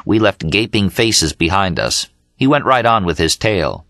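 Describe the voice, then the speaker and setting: A man narrating an audiobook in a steady, measured reading. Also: sits low, no room sound, clean studio sound. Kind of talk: scripted narration. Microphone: studio mic.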